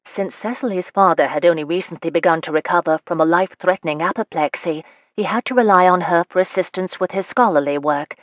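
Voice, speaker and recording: An audiobook narrator reads a romance novel as scripted narration in a low, steady voice at a fairly quick pace, raising her pitch slightly for the characters' lines. The recording is dry and close, its tone a little muffled and dull.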